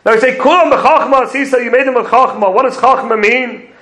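High-voiced man teaching prayer commentary. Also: fairly quick, bright, forceful tone, reverberant, rough recording. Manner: explains commentaries step by step, quoting Hebrew phrases. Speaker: Torah teacher.

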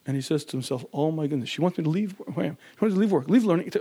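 Male teacher with a somewhat higher voice, keeps clearing his throat, lively storytelling lecture. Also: racing. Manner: frequent throat-clearing, acts out quoted voices. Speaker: marriage teacher. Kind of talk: lecture on marriage.

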